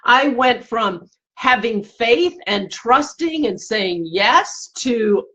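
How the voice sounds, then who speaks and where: Earnest woman, husky and searching. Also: fairly high pitch, expressive, takes it slowly, few pauses, fairly bright tone. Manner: earnest and searching, with frequent self-corrections and repetitions. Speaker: life coach and podcast host. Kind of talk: reflective personal talk to listeners.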